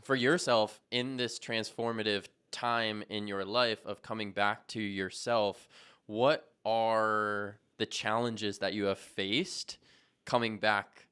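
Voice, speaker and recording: A man hosting a spiritual interview podcast, speaking in a slow, deliberate way. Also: lowish voice, steady tone, bright, forceful tone, clean tone. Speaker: podcast host. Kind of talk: conversational interview.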